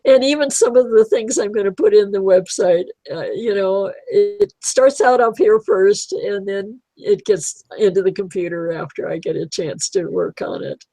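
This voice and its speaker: A woman in her eighties tells stories in a loose, rambling way and breaks into laughter often. Her voice sits at an ordinary pitch and sounds dry and close, with no room around it. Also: normal speed, hardly any pauses, dark tone, no room sound, poor audio. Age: 80s. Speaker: guest, writer of pet stories. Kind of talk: casual chat.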